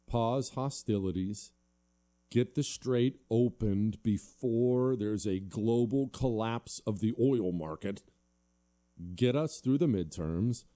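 A man's voice: fairly low pitch, mellow. A male talk show host delivering a combative, sarcastic monologue and reading listener emails.

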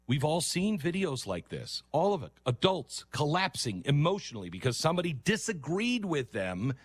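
Middle-aged man in earnest, lively commentary. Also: fairly high pitch, moderate pace, breathy edge, no room sound. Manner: earnest, lecturing, mocking impressions. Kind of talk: reaction commentary.

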